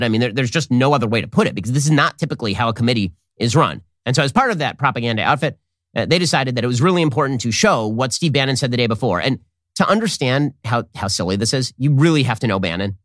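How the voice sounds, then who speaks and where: A man hosting opinionated political commentary, sarcastic and rapid-fire. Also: medium pitch, a bit bright, no room sound, clean studio sound.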